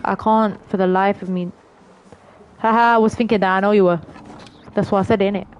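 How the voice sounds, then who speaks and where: A woman with a London accent giving chatty, excitable live commentary as she plays a game, yelping and swearing at it. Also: medium pitch, fairly quick, muffled recording, slight background noise. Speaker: game streamer.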